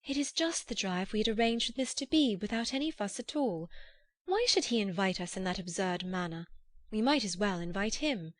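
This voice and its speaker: A woman reading the part of a spirited young Englishwoman in an audiobook, speaking in a sharp, retorting way. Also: medium pitch, animated, normal speed, no room sound, close to an everyday voice. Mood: irritated.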